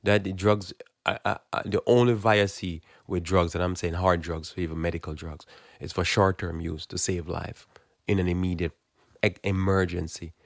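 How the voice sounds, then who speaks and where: A man's voice: low voice, little pitch movement, moderate pace, dry recording, studio quality. A man giving a blunt, emphatic, informal sermon, often repeating words as he builds his point. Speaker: Christian preacher. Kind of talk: informal preaching monologue.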